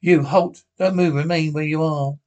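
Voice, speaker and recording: A brusque street cop barking orders, as a man reads the part. The voice comes louder and a touch higher than the narration, short and commanding. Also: fairly even intonation, normal speed, natural voice. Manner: barked orders.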